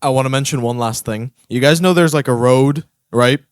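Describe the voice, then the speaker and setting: A man's voice: mid-range voice, a little fast, clean tone, dry recording, studio quality. A man, a panelist joking emphatically in playful banter.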